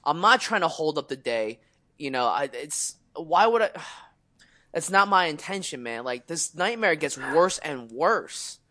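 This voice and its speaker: A young man co-hosting a podcast, telling a story in casual chat, animated, swearing freely and acting out the people he quotes. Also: fairly high pitch, a little slow. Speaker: podcast co-host.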